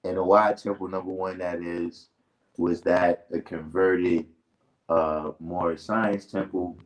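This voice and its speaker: A man's voice: low-pitched, flat delivery, slow pace, rough recording. Laid-back man hosting a livestream. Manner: laid-back, laughs often, trails off into asides. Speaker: livestream host. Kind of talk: casual livestream chat.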